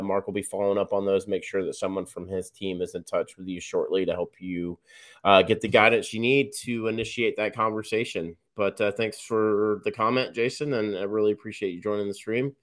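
A man with a fairly low voice hosts a live stream. He reads viewer comments and thanks people, with frequent fillers between his thoughts. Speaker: host.

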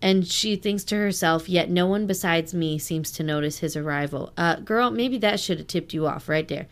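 A woman's voice: on the low side, normal speed. A young woman co-hosting a casual book podcast, laid-back, swearing casually and reading quotes aloud. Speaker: podcast co-host.

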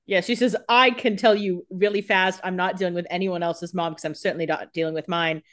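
A woman's voice: lowish voice, fairly even intonation, fairly quick, a bit bright. A woman co-hosting a casual TV recap, chiming in with playful paraphrases of the characters. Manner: chimes in with playful paraphrases and laughs. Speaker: podcast co-host.

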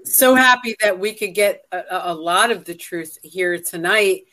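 A woman hosting an interview, speaking in a halting, hesitant way. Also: mid-range voice, bright, forceful tone. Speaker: host. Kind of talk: interview wrap-up.

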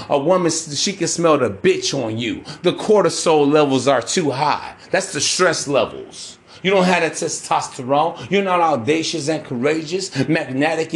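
A man hosting a podcast, delivering a brash, profane, preachy monologue. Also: a little high. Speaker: podcast host. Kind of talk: ranting monologue.

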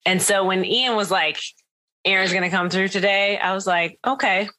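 A woman hosts a podcast over a remote call, chatty and teasing. Her voice is bright and forceful, set at a middle pitch. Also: flat delivery, normal speed. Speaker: podcast host. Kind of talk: casual chat.

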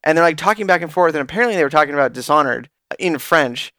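A man's voice: fairly high pitch, quick pace, no echo, clean studio sound. A man co-hosting a casual gaming podcast, telling a funny anecdote animatedly and acting out the voices in it. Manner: animated anecdote teller who acts out quoted voices. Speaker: podcast co-host. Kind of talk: casual chat.

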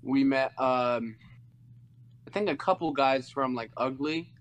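An easygoing man guests on a casual podcast. He answers in short, relaxed replies, with a plain voice at a medium pitch. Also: a little slow, rough recording. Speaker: band member guest.

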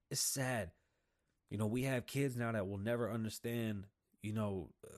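Guy hosting his own show, ranting hard, lots of swearing, mocks the other side, regular mid-pitched voice. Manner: heated, profane, mocking voices of opponents. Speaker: podcast host. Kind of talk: opinionated political rant.

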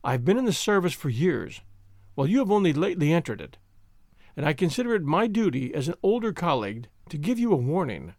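A fussy, timid schoolmaster frets and pleads in a raised, anxious voice, as a man reading the story puts him on. His voice swings widely in pitch. The recording is close and dry. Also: very animated, quick pace, a little mellow, dry recording. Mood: fretful. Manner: fretful, pleading, higher pitch.

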